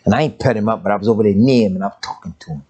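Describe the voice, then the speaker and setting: A man's voice: lowish voice, rapid-fire, mellow, slightly rough. An older man preaching a sermon, telling family stories and briefly mimicking the voices of his parents and grandmother.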